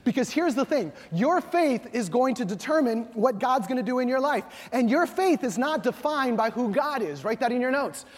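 A man's voice: very high-pitched, expressive, normal speed, few pauses. A man preaching a sermon to a congregation, calling for responses and acting out little scenes of dialogue. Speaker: pastor. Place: church sanctuary. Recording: long hall reverb with faint music.

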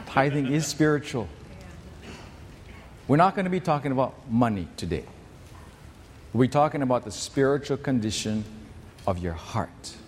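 Lively preacher, male, slightly high voice, big church reverb, faint background hiss. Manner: animated storytelling, acts out voices. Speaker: pastor. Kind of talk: sermon. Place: church hall. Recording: long hall reverb, faint noise.

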